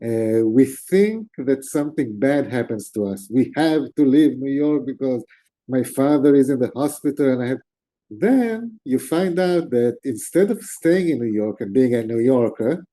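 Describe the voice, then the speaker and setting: A middle-aged man, an interview guest, telling stories in a relaxed, animated conversational way. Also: medium pitch, normal speed. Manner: animated, gestures with hands while talking. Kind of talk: storytelling in conversation.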